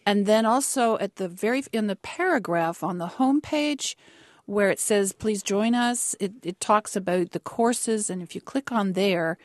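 A woman's voice: medium pitch, normal speed, no room sound, studio quality. Woman with a Canadian accent. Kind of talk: radio call-in chat.

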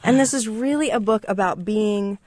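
Laid-back reader summing up a book, lots of ums, mid-pitch voice, dry close mic. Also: moderate pace, no echo. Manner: relaxed, hesitant, with fillers. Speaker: guest discussing a book. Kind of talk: casual book summary and reading.

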